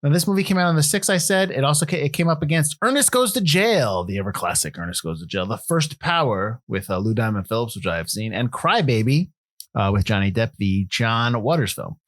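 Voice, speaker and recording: Lively-voiced male film podcast host. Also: mid-range voice, fairly quick, no room sound, clean studio sound. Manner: jokey, laughs often, reads release facts. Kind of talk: casual film podcast chat.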